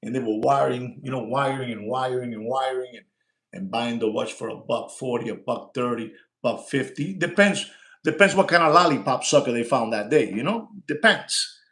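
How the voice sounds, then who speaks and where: A man hosting a live stream about luxury watches, brash and loud, mixing English with Spanish slang and repeating himself for emphasis. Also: medium pitch, moderate pace, reverberant. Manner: repeats lines and shouts for likes. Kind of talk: casual live-stream sales talk.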